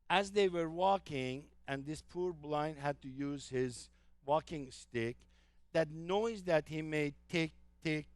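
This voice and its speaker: Clear-voiced man giving a talk. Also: a little high, no room sound. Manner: enthusiastic, anecdotal, with frequent fillers. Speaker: travel presenter. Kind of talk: presentation to a live audience.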